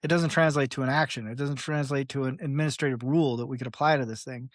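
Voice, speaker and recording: Mid-range in pitch and quick, this man's voice is captured with studio quality and no echo. In a relaxed conversational interview as a podcast guest, he wanders through his points, leaning on "like" and "right?", and performs quoted lines in different voices with animation.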